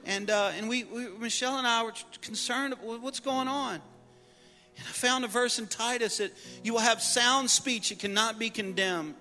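A middle-aged man preaching a sermon, telling personal stories with humor and building to loud exhortation. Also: very high-pitched, normal speed, faint music behind. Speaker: pastor. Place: church sanctuary. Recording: long reverb of a large hall.

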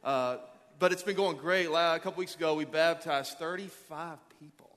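A man in his thirties, a pastor preaching a sermon, energetic and joking as he rallies the crowd. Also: fairly high pitch, normal speed. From Arkansas. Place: large church auditorium. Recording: long hall reverb.

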